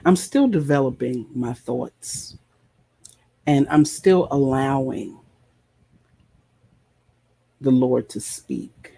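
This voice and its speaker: A man's voice: medium pitch, expressive, very slow, creaky, long pauses, dark tone. A man preaching a passionate sermon, repeating phrases for emphasis and addressing his listeners directly. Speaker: preacher and show host.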